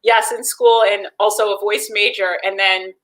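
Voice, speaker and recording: A woman's voice: medium pitch, steady tone, normal speed, a bit bright, poor audio. A woman from the Washington, D.C. area, an opera singer guest, chatting casually and laughing often. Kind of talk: casual interview chat.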